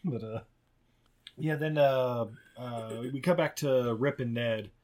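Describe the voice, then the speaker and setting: A man's voice: medium pitch, slow, darkish tone. A man co-hosting a podcast, casually recapping a movie in a rambling, profane way, laughing often. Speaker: podcast co-host.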